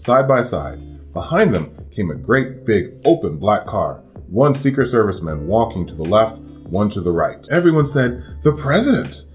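Lively low-voiced man reading aloud. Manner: lively voices for each character. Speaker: storybook reader. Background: soft guitar music.

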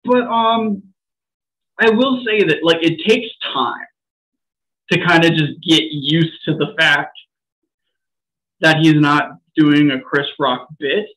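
High-pitched man telling stories casually. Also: slow pace, long pauses, sharp tone, poor audio. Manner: laid-back storytelling, laughs easily. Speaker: podcast co-host. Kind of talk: casual chat.

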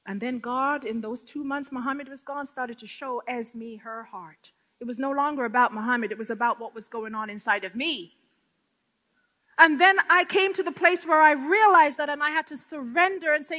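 High, bright woman giving dramatic testimony. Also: expressive, normal speed. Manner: dramatic, swings from hushed whispers to loud, tearful outcries. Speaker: speaker giving testimony to a women's gathering. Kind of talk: impassioned testimony. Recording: long hall reverb.

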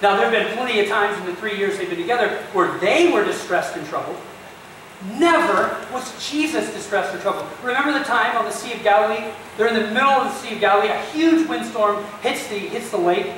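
A man's voice: sits high, fairly quick, slight background noise. A man preaching a sermon as pastor, talking in a conversational way and acting out the people in the story. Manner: conversational, animated retelling with acted-out asides. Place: church sanctuary. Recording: echoey church hall, voice from far off.

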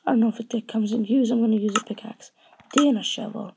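High voiced woman rambling on while she plays a game, playful and chatty, bit of hiss. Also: quick pace. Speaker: let's play host. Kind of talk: casual gameplay chat.

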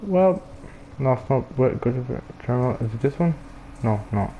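A young man commenting on his own gameplay, mocking himself and swearing, with loud outbursts between slow muttering. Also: mid-range voice, animated, a little hiss or hum. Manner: self-mocking, swears often, bursts into loud shouts. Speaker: let's player.

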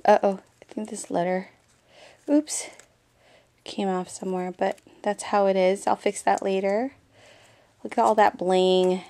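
A woman's voice: medium pitch, flat delivery, a little slow, pauses often, warm tone. A woman paper-craft vlogger in a casual show-and-tell video, gushing and talking straight to her viewers. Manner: gushing, repeats exclamations often.

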